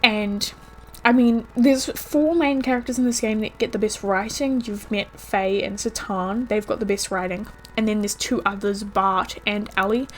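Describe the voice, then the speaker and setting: Streameuse bavarde au rire facile. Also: female voice, mid-range voice, slight background noise. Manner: chatty, laughs often. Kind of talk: casual gameplay commentary.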